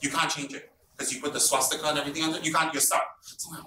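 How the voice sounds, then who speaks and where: A man giving an informal Buddhist teaching, telling stories in an animated, blunt and teasing way. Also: fairly high pitch, racing. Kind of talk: informal dharma talk. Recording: roomy, distant mic, background noise.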